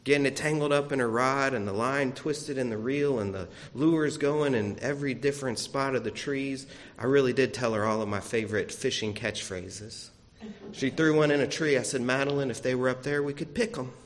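A man's voice: medium pitch, moderate pace, in a large hall. A man preaching a sermon as a pastor, folksy and storytelling with self-deprecating humor, in a church sanctuary.

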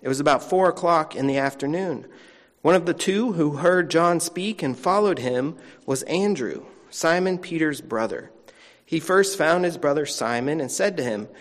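A man's voice: a little high, measured pace. A man preaching a sermon as pastor, folksy and conversational, with playful asides, heard in a church sanctuary. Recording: long reverb of a church sanctuary.

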